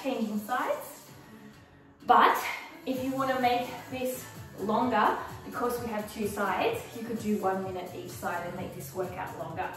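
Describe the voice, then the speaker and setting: High-pitched lady coaching a workout, cheering you on, super echoey room. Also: a bit bright. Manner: encouraging, cueing moves and counting time. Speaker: fitness instructor. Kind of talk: guided workout instruction. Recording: echoey room, mic far off, faint music.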